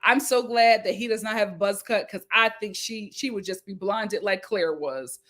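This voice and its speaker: A woman's voice: medium pitch, moderate pace, a bit bright. A woman hosting a casual reality show recap, reading out viewer comments and repeating her lines for emphasis.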